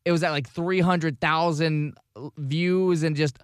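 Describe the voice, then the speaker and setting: A man with a slightly high voice tells a story in casual podcast chat, rambling and full of fillers. The recording is dry and close. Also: fairly even intonation, measured pace, clean tone, no echo. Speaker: podcast co-host.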